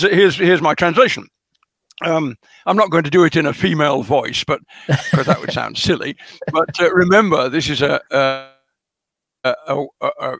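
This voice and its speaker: A man's voice: a little high, creaky, fairly bright tone, no echo. A man being interviewed as a scholar, explaining in a lecturing way with frequent hesitations and fillers, stressing key words for emphasis.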